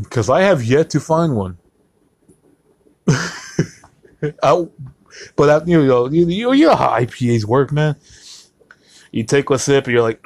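A man talks at a middle pitch, rambling through his podcast in a loose, profane, joking way. The sound is dry and close, with no room echo. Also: measured pace, long pauses. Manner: profane, rambling, joking, drinking beer on mic. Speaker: podcast host. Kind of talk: casual rambling monologue.

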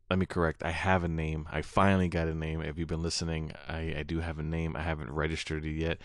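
A young man talks through an unedited solo podcast episode. His voice is very deep and stays flat. The sound is smooth and dry, recorded close on his own microphone, and he rambles with fillers, restarts and apologies. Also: no echo. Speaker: podcast host. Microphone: own microphone into recording software.

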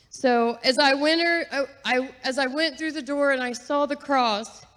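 Woman guest sharing testimony, higher voice, earnest and chatty, with a long hall echo. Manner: earnest, chatty, with fillers and soft laughs. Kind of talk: personal testimony at church. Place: church sanctuary. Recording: long reverb of a large hall.

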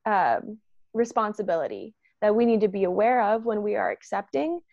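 A woman talking about energy and consent in a casual spiritual chat. She is animated and acts out the voices of the people she quotes, with a lot of "like" and "um". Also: mid-range voice, normal speed, creaky, no room sound, muffled recording.

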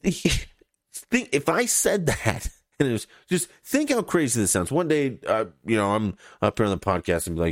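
A man's voice: medium pitch, very animated, moderate pace, dry recording, studio quality. A man hosting his own podcast, ranting bluntly and with profanity, mocking opponents and laughing at his own jokes. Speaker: podcast host. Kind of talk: opinionated solo podcast rant.

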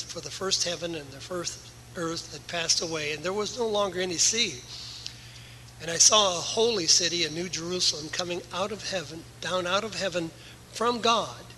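A male pastor preaches with an earnest, emphatic delivery, swinging between loud and soft passages. His voice is fairly high and strikingly bright and forceful. A faint hiss of noise sits under the church recording. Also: low-quality recording. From USA. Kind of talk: sermon.

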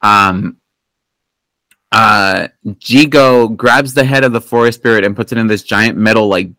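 A man's voice: lowish voice, unhurried, sharp tone, no echo, low-quality recording. A man hosting a podcast, recapping a film in a casual, rambling and profane way, full of fillers and restarts. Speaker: podcast host. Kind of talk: casual movie recap chat.

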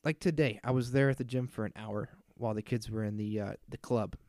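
A man's voice: on the low side, brisk, a little mellow, no echo, studio quality. Exasperated profane man in his thirties. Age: 30s. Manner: exasperated, profane, mocking the people he quotes. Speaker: podcast host. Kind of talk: casual solo podcast rant.

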